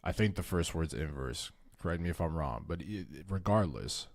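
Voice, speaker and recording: A man's voice: deep voice, expressive, moderate pace, dry recording, studio quality. A man hosting a casual trading livestream, talking loosely and cursing, stumbling over his words as he walks through charts. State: tired, short on caffeine. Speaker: trading stream host.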